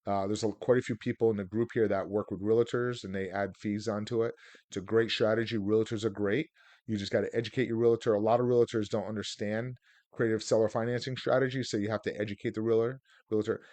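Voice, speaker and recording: On a video call, a man with a lowish, darkish voice teaches real estate deals, specifically seller financing, in a casual webinar. There's no room sound, and he rambles through stories with lots of filler words.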